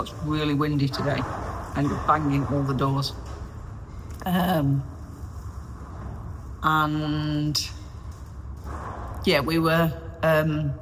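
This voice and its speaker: Chatty woman vlogging in an echoey caravan. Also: deep voice. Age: 40s. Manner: chatty, rambling, self-deprecating. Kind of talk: casual solo vlog chat. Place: small caravan interior under renovation, windy day. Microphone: self-filmed camera on a stabilizer, sometimes far off. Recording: echoey small room, faint wind noise.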